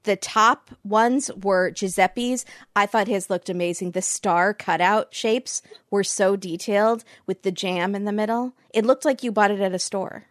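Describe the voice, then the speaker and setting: A woman co-hosts a podcast, chatting casually about a baking show. She laughs often and acts out what people said. Her voice sits at a middle pitch and sounds close and dry. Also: dry recording. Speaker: podcast co-host. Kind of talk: casual chat recapping a show.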